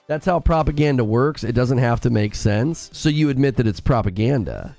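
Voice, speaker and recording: A man's voice: mid-range voice, expressive, fairly quick, few pauses, darkish tone, dry recording, soft background music. A man hosting a casual live game stream, bantering playfully and teasing his chat from a room at home. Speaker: gaming streamer.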